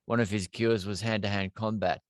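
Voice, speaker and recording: A man interviewing a guest, asking questions in a halting, hesitant way. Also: fairly low pitch, steady tone, no echo, studio quality.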